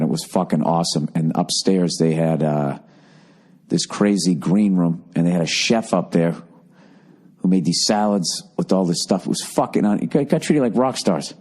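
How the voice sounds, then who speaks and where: Profane man rambling through a comic story. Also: darkish tone. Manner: profane, storytelling, acts out quotes in shrill voices. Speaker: podcast host. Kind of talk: rambling comedic monologue.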